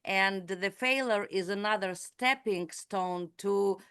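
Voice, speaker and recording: A woman from Latvia joins a podcast as a guest, with a smooth, resonant voice. She talks in an upbeat, lively way, with easy fillers. The recording is dry and close. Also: mid-range voice, slow, no room sound. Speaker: guest, businesswoman. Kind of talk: casual podcast chat.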